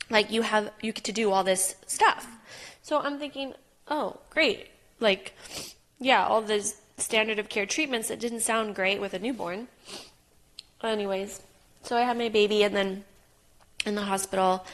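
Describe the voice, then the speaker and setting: A woman's voice: mid-range voice, fairly bright tone. Young adult woman guest, open and earnest, telling her story in a loose, filler-heavy way. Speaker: podcast guest. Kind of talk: personal story in casual interview.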